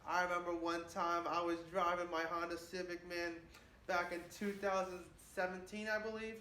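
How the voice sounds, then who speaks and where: A man's voice: sits high, flat delivery, normal speed, sharp tone. A man in his twenties rambling boastfully in a casual monologue, often saying "man". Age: 20s. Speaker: vlogger. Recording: echoey room with faint hiss.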